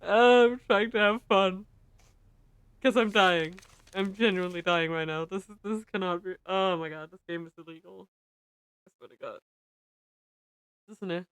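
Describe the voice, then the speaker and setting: A woman's voice: on the low side, moderate pace, long pauses, a bit bright, smooth, dry recording. A young woman streaming as she reads a visual novel aloud, emotional, laughing and swearing as she reacts.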